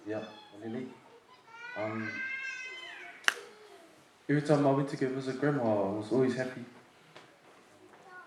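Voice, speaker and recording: A young man gives a grandson's testimony at a family memorial, and his voice sits at an ordinary middle pitch. He speaks haltingly, dotting his speech with ums as he shares light, funny memories. The hall is reverberant, and steady noise hangs behind him. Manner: hesitant, with frequent ums, telling gentle funny stories. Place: large echoey hall at a family service. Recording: echoey hall with background noise.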